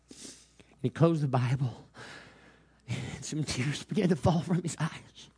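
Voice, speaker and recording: A man's voice: mid-range voice, moderate pace, warm tone, slightly rough. A man preaching a sermon, telling stories and building to fervent exhortation, with many repeated hallelujahs.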